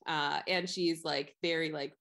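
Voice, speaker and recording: A woman's voice: low-pitched, steady tone, measured pace, gravelly, a bit bright. A young adult woman co-hosting a podcast, talking casually about a film with lots of fillers and frequent laughter. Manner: chatty, many fillers, laughs often. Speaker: podcast co-host.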